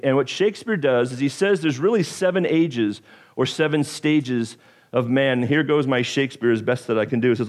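A man preaching a sermon, animated and joking, with self-deprecating asides and frequent stumbles and restarts. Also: medium pitch. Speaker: pastor.

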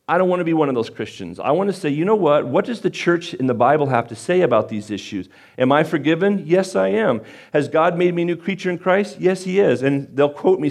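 A man's voice: on the high side, creaky, darkish tone. A man preaching a sermon as pastor, conversational and self-deprecating, and he gets fired up as he speaks.

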